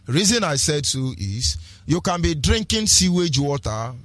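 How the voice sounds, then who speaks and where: A man's voice: on the high side, big pitch swings, unhurried, fairly bright tone, no echo. A man with a Nigerian accent, delivering an impassioned, preachy political radio talk with repeated rhetorical phrases and lapses into pidgin. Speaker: radio broadcaster.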